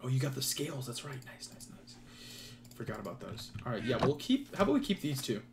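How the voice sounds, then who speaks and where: A man hosting a gameplay session chats casually with his co-player, his voice swinging up and down with animated energy. He laughs easily and talks things through as he plays. Loud keyboard typing and mouse clicks sit clearly behind him. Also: mid-range voice, fast, heavy background noise. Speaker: let's play host.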